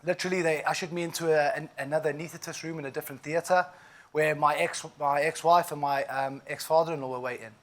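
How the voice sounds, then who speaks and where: A man from South Africa speaks with a clear South African accent in a voice that sits a little high for a man. He tells his own story as an inspirational keynote, in an emphatic, storytelling way full of asides. He sounds about forty. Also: fairly even intonation, fast.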